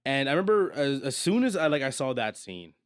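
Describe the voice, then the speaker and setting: A man's voice: a little fast, dry recording. Dry-voiced man recapping a movie. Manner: animated, laughs often, jumps higher when excited. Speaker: podcast co-host. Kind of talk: casual movie recap chat.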